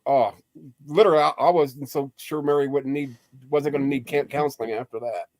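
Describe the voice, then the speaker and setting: A man's voice: mid-range voice, fairly even intonation, fairly quick, a crowd in the background. An older man in casual chat, joking with dry one-liners while a little tipsy.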